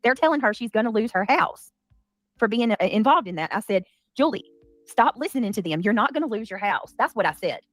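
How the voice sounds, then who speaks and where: A woman's voice: fairly high pitch, animated, fairly quick, no echo. A woman hosting a commentary livestream, talking in an indignant, defensive and emphatic way. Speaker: livestream host.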